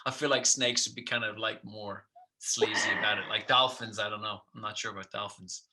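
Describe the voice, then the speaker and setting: A podcast co-host talks in a loose, rambling way, spinning silly tangents into comic bits. His voice is very bright and forward in tone. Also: medium pitch, steady tone, a little fast. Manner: rambling, jokey, riffing on absurd bits. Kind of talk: casual comedic chat.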